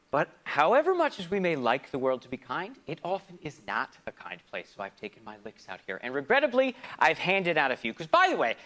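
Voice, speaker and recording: Male solo performer for a dramatic stage monologue. Very animated pitch, hushed asides and loud outbursts. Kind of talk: theatrical spoken-word monologue. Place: live performance venue.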